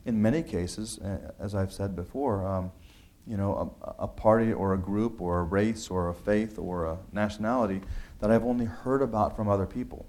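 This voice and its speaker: This man's voice is on the low side and a little mellow, at a normal speed. He talks through his book's ideas conversationally and earnestly, often restarting and dropping in filler words.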